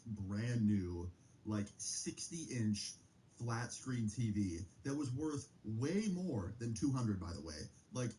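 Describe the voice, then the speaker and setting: Young man, casual storytime, slangy, low mellow voice, faint noise behind. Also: rough recording. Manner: casual, slangy, lots of "like" and "bro". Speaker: live streamer. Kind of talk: storytime on a live stream.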